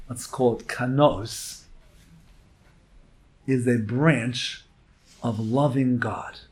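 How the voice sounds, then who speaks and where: A man teaching a Torah lecture as a rabbi, emphatic and swinging between hushed and loud phrases. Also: medium pitch. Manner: slow, drawn-out emphasis.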